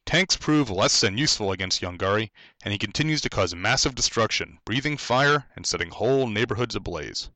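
A man hosts a podcast, talking through an old monster movie in a loose, digressive way, full of restarts and fillers. His voice sits a little low but comes across bright and forceful. The recording is dry and close, with no room sound. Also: animated, a little fast, dry recording. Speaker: podcast host. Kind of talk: casual film review monologue.

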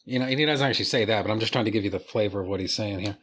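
A man's voice: on the low side, very fast, fairly bright tone, a little hiss or hum. A man reviewing comic books in a casual, enthusiastic video commentary, swearing freely as he talks.

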